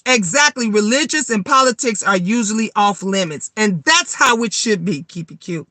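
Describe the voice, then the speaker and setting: A middle-aged woman, vlogging in a blunt, animated monologue full of swearing. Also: mid-range voice, moderate pace, dry recording. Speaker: vlogger and tarot reader. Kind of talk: casual vlog monologue.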